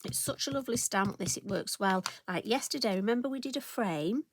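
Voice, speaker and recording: A middle-aged woman hosts a craft tutorial, talking chattily to her viewers as she stamps a card. Her manner is friendly and self-deprecating, with a voice of ordinary pitch for a woman. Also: expressive, fairly quick, noisy background.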